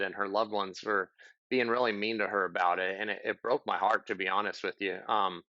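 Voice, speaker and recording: A man's voice: lowish voice, steady tone, moderate pace, bright, forceful tone, dry recording. Earnest rambling man, dry dull sound. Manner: earnest, rambling, acts out example dialogue. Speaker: podcast guest. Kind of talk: casual conversational advice.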